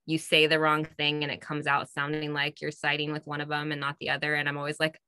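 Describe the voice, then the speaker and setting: A woman in her thirties co-hosts a relaxed parenting podcast. Her voice is notably low yet bright and forceful, and she tells stories animatedly, padding them with "like" and "you know". The sound is dry and close. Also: fast, clear, resonant tone, no echo. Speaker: podcast co-host. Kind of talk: casual chat.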